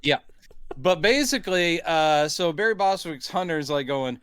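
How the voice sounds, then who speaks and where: A man's voice: fairly high pitch, expressive, moderate pace, fairly bright tone, clean tone, dry recording, studio quality. A man hosting a podcast, recapping a film in casual chat and acting out quoted lines from it. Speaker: podcast host. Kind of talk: casual movie review chat.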